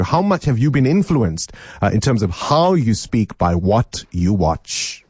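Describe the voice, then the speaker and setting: A man's voice: on the low side, big pitch swings, a little slow, dark tone, husky, no room sound, studio quality. A man hosting a talk radio show, chatting with his co-host and inviting listener calls.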